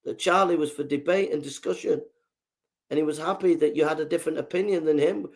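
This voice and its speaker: Brief: heated man, gravelly and slightly high-pitched, ranting on a podcast. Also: a little fast. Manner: emphatic, fiery, repetitive. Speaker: podcast host. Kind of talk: impassioned political monologue.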